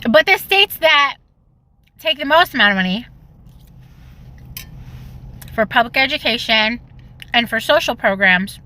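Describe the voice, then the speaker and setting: Woman ranting into her phone, kinda high and bright, mocking and fired up. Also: expressive. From Illinois. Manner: indignant, mocking, rapid bursts. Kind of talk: social media reaction rant.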